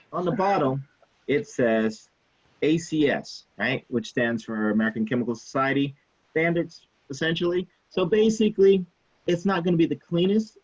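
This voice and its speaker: Animated man telling a chemistry story. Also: fairly high pitch, breathy edge, lo-fi sound. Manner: animated, acts out quoted people, swears casually. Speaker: chemistry instructor. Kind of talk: casual lecture storytelling.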